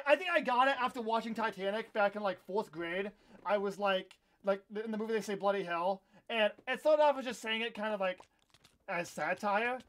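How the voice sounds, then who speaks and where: Excitable American guy with a high voice. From United States. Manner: rambling, self-correcting, excitable bursts. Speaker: live-stream gamer. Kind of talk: casual live-stream chat while gaming.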